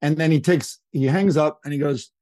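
A man's voice: on the high side, moderate pace, dark tone, dry recording. Chatty middle-aged man with a dry sound. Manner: chatty, rambling, acts out quoted people. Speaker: podcast guest. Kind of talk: casual anecdotal storytelling.

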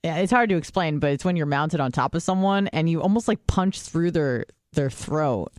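A man co-hosting a podcast, telling a story in an animated, laughing way during casual chat. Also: a little high, moderate pace, dry recording, clean studio sound. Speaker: podcast co-host.

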